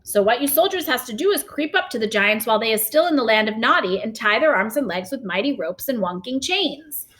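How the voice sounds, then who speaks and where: A woman's voice: a little high, expressive, fairly quick, hardly any pauses, a bit bright. The BFG, as a woman puts him on. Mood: eager. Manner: odd grammar, made-up words. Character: friendly male giant who mangles his words. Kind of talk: storybook read-aloud.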